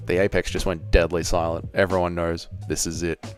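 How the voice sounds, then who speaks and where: A man's voice: sits low, level tone, normal speed. An Australian man in his thirties hosting a casual livestream watch-along, bantering with chat in a profane, joking way. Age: 30s. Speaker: livestream host. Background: faint background music.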